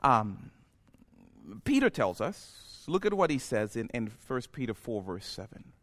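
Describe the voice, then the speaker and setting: A man preaching a sermon in a church, building from quiet, reflective passages to impassioned, near-shouted peaks. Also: mid-range voice, very animated, measured pace. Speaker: pastor.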